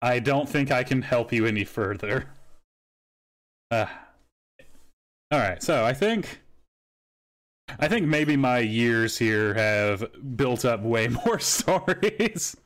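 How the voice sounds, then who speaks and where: A man's voice: medium pitch, animated, slow, pauses often, a bit bright. A man hosting a podcast, telling stories in casual, profanity-laced chat. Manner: swears freely, storytelling. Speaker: podcast host.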